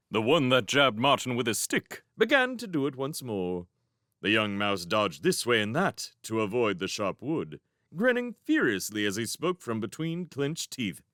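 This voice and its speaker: Guy reading a kids' fantasy book aloud, lively ups and downs, dry close sound. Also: medium pitch, dry recording. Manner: expressive, animated reading. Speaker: fan audiobook reader. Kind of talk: storybook narration.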